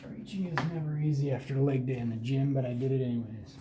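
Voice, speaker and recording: A man giving an unhurried, plain-spoken walkthrough at an indoor reloading bench, with self-deprecating asides. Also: mid-range voice, fairly even intonation, crowd noise. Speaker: host showing his hand loads. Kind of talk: casual hands-on explanation. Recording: roomy echo with faint ambience.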